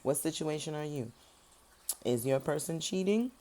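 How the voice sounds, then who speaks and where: A woman with an unusually low voice gives a casual tarot reading and talks straight at her viewers. She is sassy and animated, jumping from loud emphasis to soft, serious asides. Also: moderate pace. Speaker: tarot reader.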